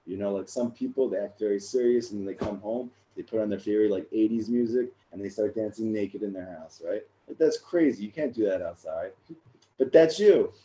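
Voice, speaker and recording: Dark-voiced man telling a lively story. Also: fairly low pitch, fairly quick, slight background noise, rough recording. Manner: animated storyteller, rising and loud in funny moments. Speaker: rabbi and speaker sharing his story. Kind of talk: casual personal talk to a group.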